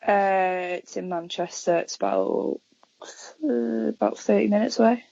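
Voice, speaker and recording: This woman has a Liverpool accent, and she chats in a rambling, storytelling way, tripping over her words and starting sentences again. Her voice sits at a mid pitch. It is recorded close and dry, with a slightly dull, lo-fi tone. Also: unhurried, gravelly, dark tone, no room sound. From England (Chester area). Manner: chatty, restarts often, laughs while telling stories. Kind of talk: casual chat.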